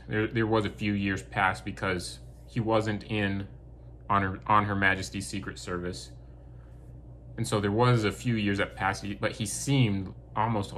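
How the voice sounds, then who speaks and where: A man talks through a film review in a relaxed, conversational way. His voice sits a little low, and he gives his opinions bluntly and candidly. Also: slight background noise. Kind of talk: casual spoken review.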